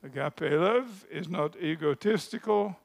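A man preaching a sermon, telling stories and shifting from a hushed voice to emphatic rises. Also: on the high side, expressive, a little slow, vocal fry. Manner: storytelling, drops to a hush for anecdotes then rises with emphasis.

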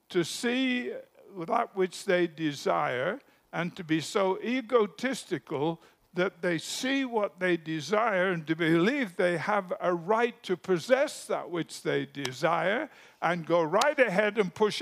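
Slow, gravelly-voiced male preacher. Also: high voice. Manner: deliberate, emphatic, phrases trailing off softly. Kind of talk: sermon.

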